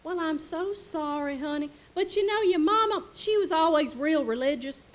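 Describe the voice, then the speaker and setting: A woman's voice: sits high, expressive, normal speed, pitched above the performer's own voice, low-quality recording. A woman playing a chatty, nosy older Southern widow from the Mississippi Delta with a gushing, drawling manner. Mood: curious. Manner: gushing, drawling, fond of "darling".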